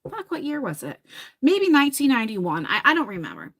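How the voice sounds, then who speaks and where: A woman's voice: sits high, huge pitch swings, fairly quick, fairly bright tone, breathy edge. A woman in her forties with a New Jersey accent, chatting casually with her livestream viewers in a rambling way, laughing and swearing now and then. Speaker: livestream host.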